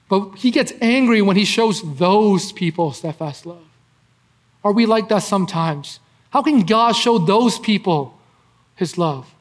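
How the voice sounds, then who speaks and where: Male preacher, high-pitched, earnest conversational teaching with rhetorical questions.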